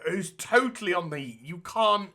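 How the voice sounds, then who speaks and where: Blunt, animated man ranting. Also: high voice, a little slow. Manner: blunt, animated and sweary, with frequent restarts. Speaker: podcast co-host. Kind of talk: casual podcast discussion.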